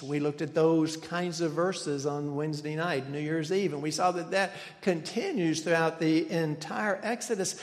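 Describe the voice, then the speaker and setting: A man preaches a sermon from the pulpit, earnest and questioning as he talks his congregation through the text. His voice sits high for a man. The sound carries a long reverb, as in a large sanctuary. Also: normal speed, few pauses. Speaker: pastor.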